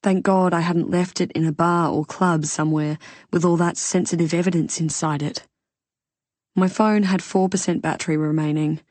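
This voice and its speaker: A woman narrating a first-person audiobook thriller with expressive storytelling. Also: on the low side, normal speed, dry recording.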